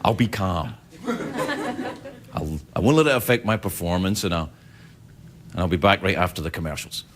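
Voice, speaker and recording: A man's voice: sits low, normal speed, pauses often, a loud crowd. A man hosting a late-night show, joking in a mock-flustered, self-mocking way during a comic cold open. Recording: loud background noise.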